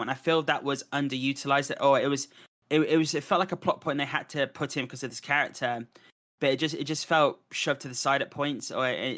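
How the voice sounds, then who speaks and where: A man's voice: medium pitch, sharp tone. A man hosting a podcast, reviewing a film in casual chat, rambling with frequent restarts and fillers. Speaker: podcast host.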